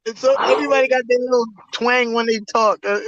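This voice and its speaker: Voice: mid-range voice, steady tone, fast, a bit bright, dry recording. A co-host talking in slangy, laid-back casual chat. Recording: slightly dull lo-fi sound.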